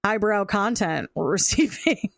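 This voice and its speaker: A woman's voice: mid-range voice, animated, a little slow, gravelly, dry recording, studio quality. A woman co-hosting a podcast, chatting casually and animatedly, often laughing and acting out quotes. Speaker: podcast co-host. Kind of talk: casual chat.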